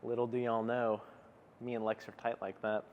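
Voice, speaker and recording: A man's voice: medium pitch, little pitch movement, normal speed, phone-quality sound, slight background noise. A young man chatting casually in a rambling, laid-back way, with lots of fillers, while working out in a gym. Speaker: fitness vlogger. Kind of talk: casual gym vlog chat. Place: gym, indoors.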